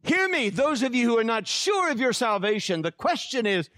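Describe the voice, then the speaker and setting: High-voiced emphatic male preacher. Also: sing-song, fairly bright tone, dry recording, studio quality. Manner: emphatic, slows down to read scripture aloud; jokes and laughs with the congregation. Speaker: pastor. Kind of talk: sermon.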